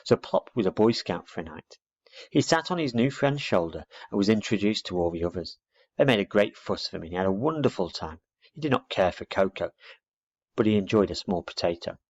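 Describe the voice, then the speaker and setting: A man reading a children's storybook aloud, steady and expressive. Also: fairly low pitch, a little fast. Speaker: reader. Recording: dull lo-fi recording.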